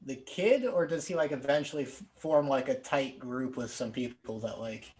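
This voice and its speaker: A man co-hosting a podcast over a video call, asking questions in a hesitant, halting way. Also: medium pitch, a little mellow. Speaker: podcast co-host. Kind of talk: casual chat.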